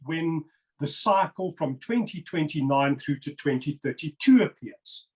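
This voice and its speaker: A man's voice: a little high, animated, measured pace, darkish tone, rough recording. A man on a video-call interview, explaining number patterns over slides in an emphatic, insistent way and repeating words for stress.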